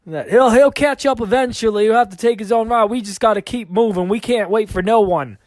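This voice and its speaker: A man's voice: sits high, fairly quick, darkish tone, no room sound, voice pushed up, natural voice. A man voicing a breezy, pushy young Australian man with an Australian accent, who talks casually and keeps saying "mate". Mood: brisk. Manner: casual, bossy, says "mate".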